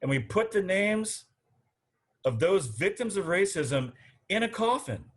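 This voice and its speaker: A man's voice: high voice, sing-song, unhurried, breathy edge. A man making his case to a virtual arts forum, earnest and rhythmic in his speechmaking. His voice comes through a video call. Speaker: city council candidate.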